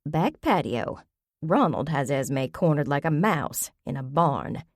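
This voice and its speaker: A woman voicing a bossy elderly grandmother who speaks in brisk commands. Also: low-pitched, very animated, no room sound, studio quality, heavily acted. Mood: commanding.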